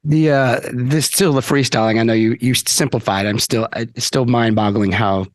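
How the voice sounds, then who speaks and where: Southern guy co-host, easygoing, mid pitch, dry close mic. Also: steady tone, normal speed, no echo. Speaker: podcast co-host. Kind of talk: casual podcast chat.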